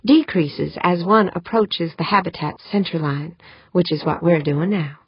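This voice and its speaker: A woman's voice: lowish voice, a little slow, slightly rough, dry recording, exaggerated voice. Brief: earnest, wide-eyed young woman, read by a woman narrator, muffled dry sound. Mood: curious.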